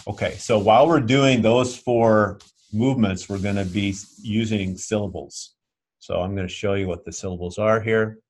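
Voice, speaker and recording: A man's voice: on the low side, steady tone, normal speed, darkish tone. A man teaching a yoga class, patiently explaining each step and often checking that everyone follows. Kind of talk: instructional class talk.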